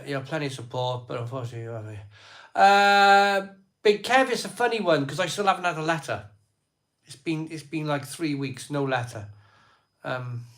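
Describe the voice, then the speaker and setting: A man's voice: a little high, a bit bright. Chatty man reading out viewer comments. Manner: rattles off viewer places and beers in quick lists. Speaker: live-stream host. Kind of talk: casual live-stream chat, reading out viewer comments.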